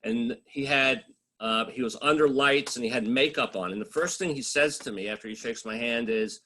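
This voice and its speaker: A man with a bright, forward voice recounts anecdotes from his years as a reporter. He talks casually and wryly, stopping and restarting often as the stories come to him. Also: mid-range voice, normal speed. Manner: anecdotal, wry, with frequent fillers and restarts. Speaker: journalist telling stories. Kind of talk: casual storytelling talk.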